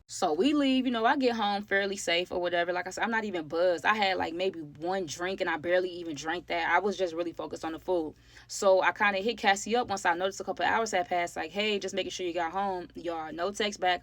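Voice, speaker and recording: A young woman, chatting through a storytime to her viewers, slangy and lively, calling them y'all. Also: lowish voice, no echo. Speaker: storytime vlogger. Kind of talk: casual storytelling to camera.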